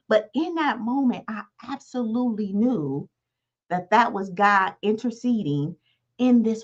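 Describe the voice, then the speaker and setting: A woman's voice: on the high side, a bit bright, lo-fi sound. A woman in her thirties giving a casual, conversational motivational talk as host, often checking in with "right?" as she goes. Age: 30s. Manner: conversational, repeats "right?" to the listener. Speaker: podcast host.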